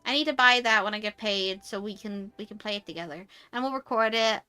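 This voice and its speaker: A British woman chatting casually on a stream, animated and quick to rant, swearing freely. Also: mid-range voice, music in the background. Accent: British English. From United Kingdom. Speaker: VTuber streamer. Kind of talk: casual chat.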